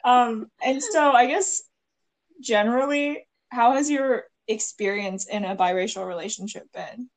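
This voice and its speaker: A woman's voice: fairly high pitch, a little slow, low-quality recording. A woman hosting a podcast over a video call, asking questions in an enthusiastic way. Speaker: podcast host. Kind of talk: casual interview on a video call.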